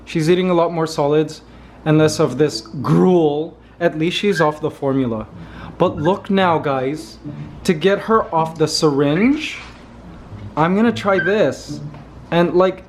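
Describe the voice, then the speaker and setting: A man's voice: fairly high pitch, low-quality recording. A man in his thirties vlogging casually, coaxing his pet parrot in a playful baby-talk voice. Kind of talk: casual vlog talk to camera.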